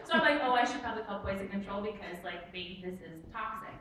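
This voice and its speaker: A woman doing stand-up storytelling in a church hall, animated and self-mocking as she acts out the people in her story. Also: mid-range voice, quick pace, crowd noise. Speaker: stand-up comic. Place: church hall with a live audience. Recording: echoey room from far off with noise.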